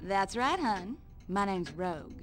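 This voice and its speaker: A woman's voice: medium pitch, big pitch swings, measured pace. A woman voicing a sassy Southern woman mutant in a video game, with a Southern US accent, drawling and teasing, calling people sugar and honey. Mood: playful. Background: game music.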